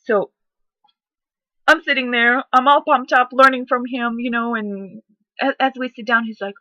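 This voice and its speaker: A woman's voice: fairly high pitch, moderate pace, no echo, lo-fi sound. Fervent woman giving a motivational talk. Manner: energetic, fervent, repeats herself. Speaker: home business vlogger.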